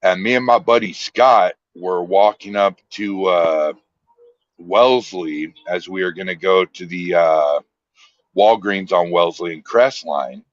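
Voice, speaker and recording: A man's voice: sits low, no echo. A man chatting casually on a podcast as the guest, telling stories in a laid-back way. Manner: storytelling, laid-back drawl. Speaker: guest, paranormal team founder. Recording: dull lo-fi dry sound.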